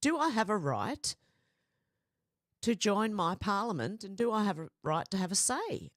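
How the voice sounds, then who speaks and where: A woman chats casually on a livestream, greeting viewers one by one. Her voice is a little croaky since she is feeling unwell. The sound is dry and close, with no room around it. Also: medium pitch, very animated, moderate pace, no room sound. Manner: chatty, greets viewers by name. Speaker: livestream host. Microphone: headphones with mic.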